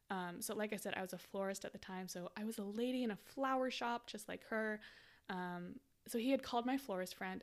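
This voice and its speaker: A woman in her twenties hosting a podcast, telling a story casually with lots of "like" fillers and laughter. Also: mid-range voice. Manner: chatty, frequent "like" fillers, laughs while telling. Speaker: podcast host.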